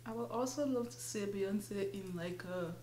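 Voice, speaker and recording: A woman's voice: medium pitch, unhurried, dark tone, echoey room, slight background noise. A young woman chatting casually while doing her makeup, laughing often. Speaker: beauty vlogger. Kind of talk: casual get-ready-with-me chat.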